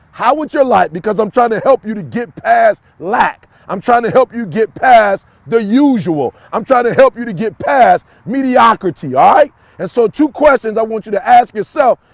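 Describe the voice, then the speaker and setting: A man giving an emphatic, repetitive motivational talk straight to the listener, breaking into shouts and folksy asides. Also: sits high, creaky, dry recording. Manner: folksy, addresses listener directly. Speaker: motivational speaker.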